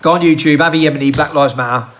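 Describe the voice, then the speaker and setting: Speaking rapid-fire into a handheld phone, this male political commentator delivers a heated, impassioned rant to camera packed with rhetorical questions. His fairly high, slightly bright voice carries a little hiss or hum.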